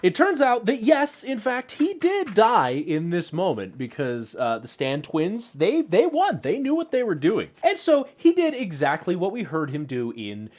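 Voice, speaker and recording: Playful, animated man hosting a vlog. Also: sits high, a little slow, hardly any pauses. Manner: playful, self-mocking, with many fillers and restarts. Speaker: YouTube host. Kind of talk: casual vlog showing collectibles.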